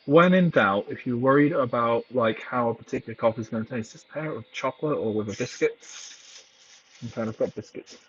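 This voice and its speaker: Over a clipping, dull lo-fi headset mic, a young man vlogs casually from home, rambling with many fillers and self-deprecating asides. His mid-range voice moves briskly and has a fairly bright tone.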